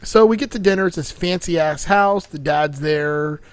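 A man's voice: on the high side, normal speed, clear, resonant tone, no echo. A man casually recapping a movie with friends, laid-back and laughing, swearing freely and acting out lines. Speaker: podcast host.

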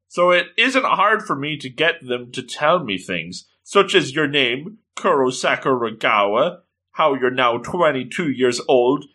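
A man's voice: sharp tone, full character voice. A man reading aloud and voicing a bold, sassy seventeen-year-old girl in a raised, teasing voice. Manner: pitched-up girlish voice, brisk and teasing.

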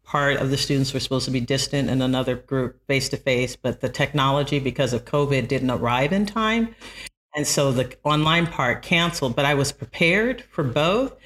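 A woman who teaches college math, telling stories in an animated way and laughing easily in a podcast interview. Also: very deep voice. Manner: animated storyteller, quick to laugh.

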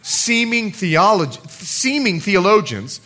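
Lively high-voiced male pastor preaching. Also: slow. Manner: animated, asks the congregation questions. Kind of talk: sermon.

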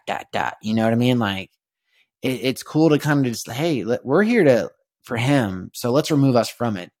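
A man's voice: medium pitch, no room sound, clean studio sound. A young man hosting a faith podcast, telling a personal story in a casual, rambling way full of slang and fillers. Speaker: podcast host. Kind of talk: casual spoken testimony.

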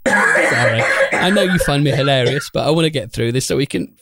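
A man's voice: medium pitch, lively intonation, fairly quick, crowd noise. A man hosting a podcast, mixing casual chat with read-aloud passages, who laughs easily and breaks up mid-read while wearing headphones at a studio mic. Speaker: podcast host.

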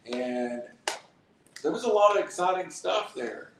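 An adult podcast host nudges children along with gentle questions, pausing on "uh" and "um" as they go. The voice sits mid-range and comes from a step back from the mic. A very echoey room and a faint hiss ring around every word. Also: medium pitch, animated, distant mic. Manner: prompting questions with hesitant fillers. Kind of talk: casual family podcast chat.

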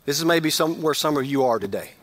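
A middle-aged male pastor giving a conversational sermon, rising to loud emphasis and dropping to quiet asides. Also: fairly high pitch, expressive, fast talker.

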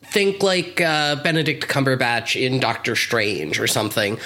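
A man co-hosting a podcast, chatting casually, often with quick reactions and musing asides. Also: medium pitch, pushed and bright. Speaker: podcast co-host. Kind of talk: casual chat.

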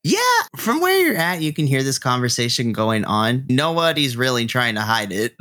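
Man game master for a tabletop game, lively swooping delivery, laughs easily. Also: medium pitch, normal speed. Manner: laughs often, animated.

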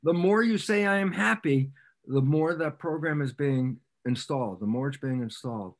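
A man speaking as a guest scientist on a podcast, an animated storyteller who repeats phrases for emphasis and acts out little exchanges. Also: on the high side, moderate pace. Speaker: podcast guest, cell biologist. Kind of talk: explanatory interview talk.

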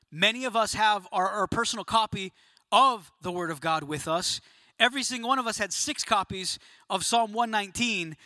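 A pastor preaching to a room of men, emphatic and questioning, sometimes dropping to a quiet, low voice for emphasis. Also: male voice, dry recording. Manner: emphatic, rising to near-shouting questions. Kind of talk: sermon. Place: room of about a hundred men.

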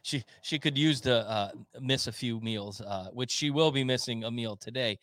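Chatting casually on a podcast he co-hosts, a man spins meandering anecdotes, stumbling over fillers and restarts and laughing a lot. His voice is mid-range and somewhat bright, delivered at an even pace in a recording free of room sound.

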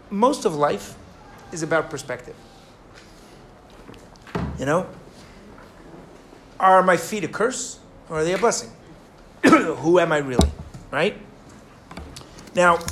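A man's voice: sits high, a bit bright, a little hiss or hum. A man giving a sermon to a live audience, telling a story and asking his listeners questions, with many restarts.

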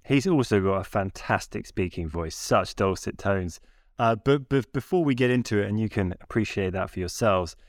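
A man hosting a podcast in casual chat, relaxed and easygoing as he introduces segments. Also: mid-range voice, no room sound, studio quality. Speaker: podcast host.

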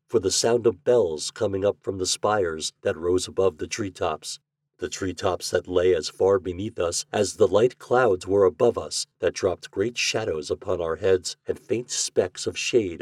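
A man narrating a classic short story as podcast host, measured and even in his storytelling. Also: low-pitched, dry recording, clean studio sound.

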